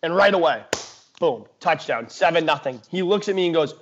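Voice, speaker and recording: A young man co-hosting a sports podcast, telling a story in a chatty, animated way with lots of fillers and restarts. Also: a little high, fairly quick. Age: young adult. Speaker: podcast co-host. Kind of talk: casual sports chat. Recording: dull lo-fi podcast audio.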